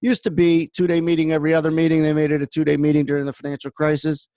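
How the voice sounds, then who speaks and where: A man's voice: on the high side, monotone, racing, mellow, no echo. A man hosting a trading room, giving blunt market commentary that wanders into personal stories. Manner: blunt, rambling storyteller.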